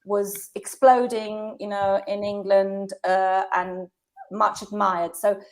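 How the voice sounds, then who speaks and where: A woman in her fifties, a guest telling stories in a casual conversation, animated and laughing often. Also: mid-range voice, slow.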